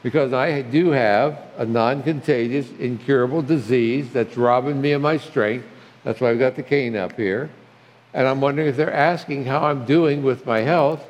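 A man's voice: mid-range voice, moderate pace. An older man preaching a conversational sermon as a pastor, reading scripture with feeling. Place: church sanctuary. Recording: long hall reverb.

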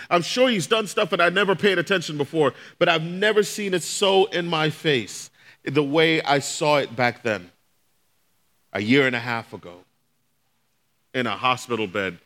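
In a slightly high, somewhat bright voice, a middle-aged pastor gives a sermon built around his personal testimony. He tells it storytelling-style, acting out the quoted voices of the people in it.

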